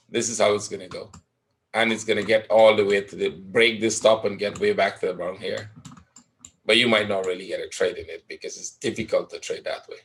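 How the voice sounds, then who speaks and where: A man with a lowish voice talks through price charts at his computer, explaining setups in a loose conversational way and dropping a "right?" now and then. Faint clicks and soft typing sit under his voice, and a light hiss hangs in the background. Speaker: forex trading educator. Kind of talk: live trading webinar commentary over charts.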